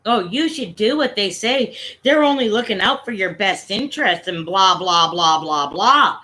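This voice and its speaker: A woman's voice: mid-range voice, expressive, moderate pace, bright, forceful tone. A woman mimicking a smug, dismissive male lawyer in a patronizing tone. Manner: patronizing, brushing off.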